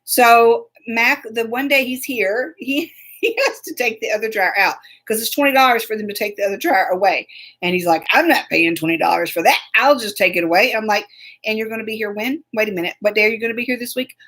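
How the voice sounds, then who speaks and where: A woman's voice: a little high, a little fast, fairly bright tone. A woman hosting a casual live stream, chatty and laughing often as she greets viewers by name. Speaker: host.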